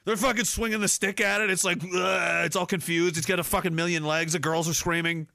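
High, bright-voiced ranting podcast man. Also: level tone, fairly quick, gravelly, no room sound, clean studio sound. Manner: profane, mocking, slips into silly put-on voices. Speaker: podcast host reading chat. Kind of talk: ranting comedic monologue.

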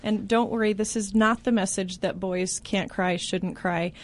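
A woman's voice: medium pitch, steady tone, measured pace. A woman guest on a talk show who explains her parenting advice in an earnest, affirming way.

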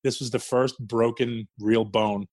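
A man's voice: medium pitch, steady tone, measured pace, darkish tone, dry recording. Laughing, foul-mouthed New man. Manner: swears freely, laughs through stories. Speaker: guest, former wrestler. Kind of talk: casual storytelling interview.

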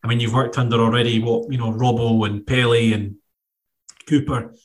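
A man's voice: mid-range voice, fairly even intonation, moderate pace. Scottish man, host, hesitant, filler-heavy questions. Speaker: podcast host. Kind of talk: casual interview.

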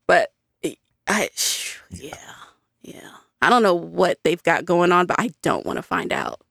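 A woman's voice: fairly low pitch, expressive, a little slow, gravelly, fairly bright tone, dry recording, studio quality. A woman from the United States co-hosting a podcast, thinking aloud in casual chat with hesitant, trailing phrases. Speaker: podcast co-host.

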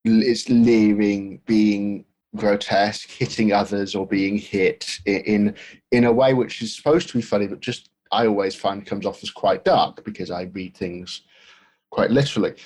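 A man's voice: on the low side, fairly even intonation, moderate pace, darkish tone. A man co-hosting a podcast, talking casually about a film with many restarts and fillers. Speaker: podcast co-host.

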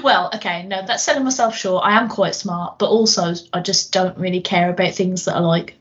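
A woman's voice: on the low side, brisk, lo-fi sound, noisy background. A woman co-hosting a podcast in casual chat, joking and self-deprecating, often giggling. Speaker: podcast co-host.

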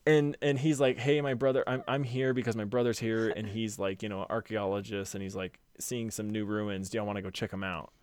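A man's voice: on the low side, fairly even intonation, a little fast, few pauses, darkish tone, smooth. A young man co-hosting a podcast, chatting casually and rambling with many fillers and swear words. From Utah, USA. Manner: rambling, lots of fillers and profanity. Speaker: podcast co-host. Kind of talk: casual chat.

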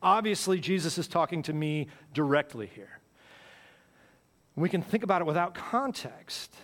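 A pastor giving a sermon in a church. He talks in a conversational way, repeats his phrases for emphasis, and swings between loud and quiet. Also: a little high, animated, moderate pace. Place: church sanctuary. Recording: long hall reverb.

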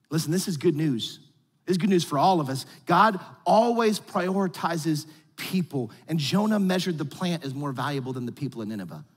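A man preaching a sermon with casual, animated delivery and slangy asides. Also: high-pitched, normal speed, slightly rough, long reverb tail. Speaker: pastor.

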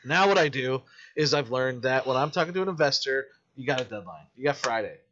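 A man who makes independent films, telling stories in casual podcast chat, animated and full of swearing. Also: mid-range voice, brisk, dull audio, slight background noise. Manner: profane, animated storytelling. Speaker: independent filmmaker.

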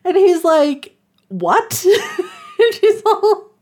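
A woman chatting casually as she recaps a book's plot. Her voice sits at an ordinary middle pitch, and she laughs often as she acts out lines from the story. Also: measured pace, a little mellow. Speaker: podcast host recapping a book. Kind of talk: casual chat.

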